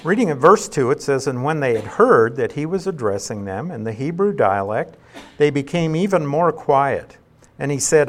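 A pastor teaching through a Bible passage verse by verse in a conversational way, reading the scripture aloud and explaining it. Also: male voice, mid-range voice, lively intonation, normal speed.

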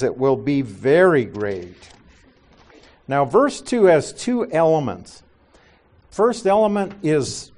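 Slow, patient male Bible teacher. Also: mid-range voice, a little mellow. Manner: patient, explanatory, rhetorical questions; corrects himself mid-sentence. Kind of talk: Bible class lecture.

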